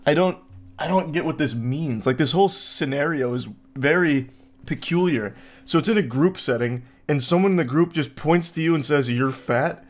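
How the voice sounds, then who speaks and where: A man giving reaction commentary in a sarcastic, incredulous tone, often jumping into exaggerated high quips. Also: normal speed. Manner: sarcastic, incredulous, mock-puzzled. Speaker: online commentator.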